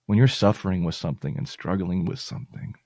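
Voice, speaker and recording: A man's voice: sits low, animated, fast, mellow, no room sound, clean studio sound. A male podcast host talking earnestly and reassuringly to his listeners, at times getting emotional. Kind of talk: heartfelt personal talk to listeners.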